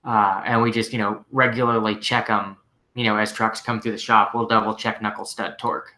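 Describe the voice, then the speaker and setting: Male host, shop mechanic, bright tone, casual Q&A, easygoing, filler-heavy. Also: on the low side, brisk. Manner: relaxed, rambling, frequent fillers like "like" and "you know". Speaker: host answering viewer questions. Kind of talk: casual live-stream Q&A.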